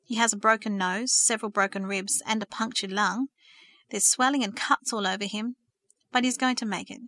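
A woman reading aloud and voicing a devout middle-aged mother who speaks slowly and cautiously. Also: medium pitch, fairly even intonation, bright, forceful tone, no echo. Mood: measured. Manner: slow, cautious, hesitant.

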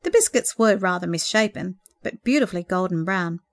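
A woman narrating a story in a gentle, expressive reading voice. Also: on the low side, fairly quick, no echo, clean studio sound.

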